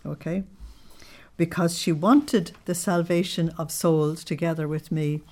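Woman study leader, somewhat low voice, emphatic devotional reading, slows to stress words. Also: fairly even intonation, warm tone. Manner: asks listeners to check their understanding. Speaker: religious study group leader. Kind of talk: devotional teaching with readings aloud.

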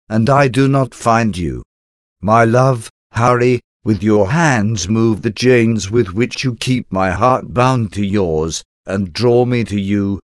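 A man's voice: lowish voice, dry recording, clean studio sound. A man reading a devotional meditation aloud as a solemn, intimate prayer addressed to Jesus. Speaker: devotional reader.

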